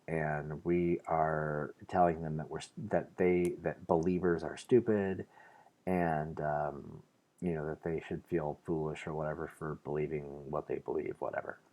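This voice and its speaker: A man's voice: extremely low pitch, dark tone. A man from the United States giving an earnest, argumentative vlog monologue, hesitant and full of restarts. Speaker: vlogger. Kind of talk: casual monologue to the camera.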